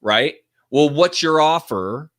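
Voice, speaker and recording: A man's voice: fairly high pitch, animated, slow pace, fairly bright tone. A man teaching in a casual, direct way, often acting out sample phone calls to show what to say. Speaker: real estate investing coach.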